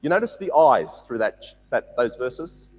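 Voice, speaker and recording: Animated male Bible teacher in a hall. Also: medium pitch, unhurried. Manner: animated, repeats words, reads scripture aloud.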